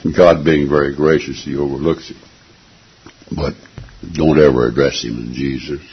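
A man's voice: very deep voice, steady tone, normal speed, lo-fi sound. A man preaching a sermon in an earnest, emphatic way, repeating phrases to drive them home. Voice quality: gravelly, raspy.

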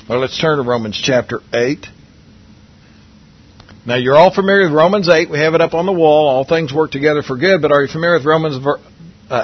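Male preacher, conversational Bible teacher; husky, muffled low-fi sound. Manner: conversational, asks the congregation questions, restarts often.

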